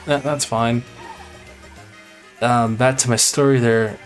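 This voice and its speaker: A man's voice: mid-range voice, steady tone, slow, soft background music. A man live streaming, telling a long story to his chat in a casual, rambling way, full of fillers and restarts.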